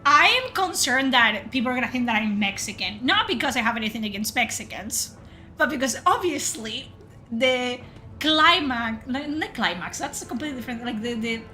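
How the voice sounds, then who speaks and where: A woman's voice: on the high side, lively intonation, normal speed, sharp tone, soft background music. A woman streaming a game, chatting casually and swearing, reading chat aloud. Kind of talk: casual livestream chat while gaming.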